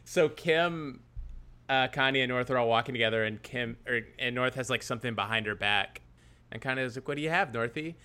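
A man's voice: mid-range voice, moderate pace, sharp tone, smooth. A man co-hosting a casual podcast chat, enthusiastically retelling a scene with chuckles. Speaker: podcast co-host.

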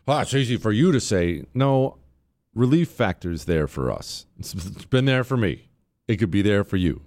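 A man's voice: low-pitched, a little mellow. A man hosting a talk radio show, delivering a brash, sarcastic monologue.

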